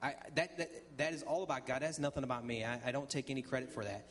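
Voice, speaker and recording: A man's voice: medium pitch, rapid-fire. A man sharing his testimony at a church, telling a story conversationally with frequent ums and restarts and acting out the dialogue. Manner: acts out dialogue in quoted voices. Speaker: guest speaker sharing testimony.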